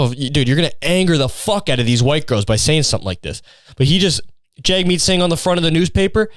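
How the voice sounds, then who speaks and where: A man's voice: mid-range voice, no echo, clean studio sound. A young man hosting a podcast who tells a story casually, sardonic and profane, rambling as he goes. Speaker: podcast host.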